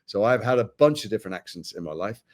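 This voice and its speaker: A man from Britain, talking frankly and wryly as an actor guest in an interview. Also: lowish voice. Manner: animated, wry, frank, quick-talking. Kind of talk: candid interview conversation.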